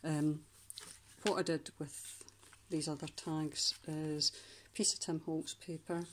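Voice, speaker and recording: A Scottish woman doing a casual craft flip-through of a handmade journal, chatty and rambling, often pausing to search for words. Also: low voice, level tone, a little hiss or hum.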